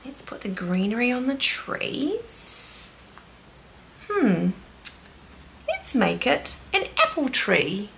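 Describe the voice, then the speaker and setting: A woman's voice: medium pitch, big pitch swings, extremely slow, creaky, pushed and bright, a little hiss or hum. A woman with a New Zealand accent teaching toddlers in a sing-song, encouraging way, with delighted gasps. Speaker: children's teacher. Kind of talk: slow, animated toddler lesson.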